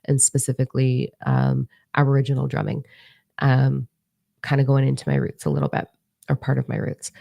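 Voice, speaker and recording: A woman's voice: rumbling low, animated, normal speed, creaky, dark tone, no room sound, clean studio sound. A woman in her forties, a spiritual teacher telling a story in a casual, rambling monologue, blunt and swearing freely. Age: 40s.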